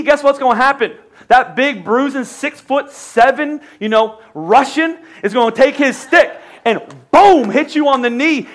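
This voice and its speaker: A high-voiced man from the United States preaches a sermon. He speaks as a pastor in a conversational way, with joking asides and repeated phrases for emphasis. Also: a bit bright.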